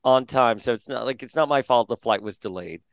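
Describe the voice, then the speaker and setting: A man hosting a podcast in casual chat, animated and gossipy, often acting out quotes. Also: medium pitch, creaky, clean tone, dry recording. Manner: animated, gossipy, quick to joke and act out quotes. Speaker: podcast host.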